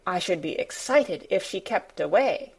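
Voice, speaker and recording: A woman reading the part of a sickly, demanding young boy in a storybook, a little higher than her narrating voice. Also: animated, measured pace, vocal fry, breathy edge, full character voice. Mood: imperious. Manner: demanding, petulant.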